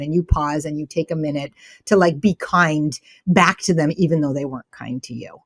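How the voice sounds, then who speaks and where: A woman's voice: deep voice, a little fast, few pauses, no echo, clean studio sound. A woman guest in an interview, speaking with animation and acting out quoted dialogue as she tells stories. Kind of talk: conversational interview.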